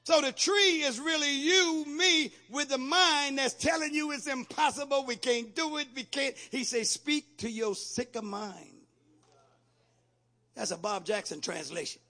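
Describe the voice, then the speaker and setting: High, gravelly preaching man. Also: normal speed, hardly any pauses. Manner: call-and-response preaching, rising to shouts. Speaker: pastor. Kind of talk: sermon.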